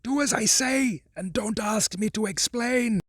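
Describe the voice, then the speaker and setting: A man voicing a terrified man calling up from a crypt, hoarse with fear and frantic as he pleads. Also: high-pitched, measured pace, fairly bright tone, dry recording, clean studio sound, voice pushed up, full character voice. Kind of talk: audiobook character voice.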